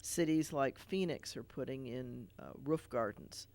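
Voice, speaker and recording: Man, rabbi hosting a TV chat, gravelly, thoughtful explainer. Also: medium pitch, measured pace, darkish tone. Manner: thoughtful, explanatory, many fillers and restarts. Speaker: rabbi sitting in as TV show host. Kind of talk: casual studio conversation. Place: TV studio.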